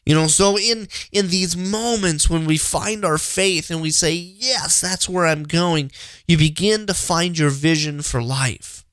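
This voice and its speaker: A man's voice: fairly high pitch, measured pace, fairly bright tone, no room sound, clean studio sound. Earnest stammering man podcasting on faith. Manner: earnest, repetitive, frequent restarts. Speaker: podcast host. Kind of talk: inspirational faith talk.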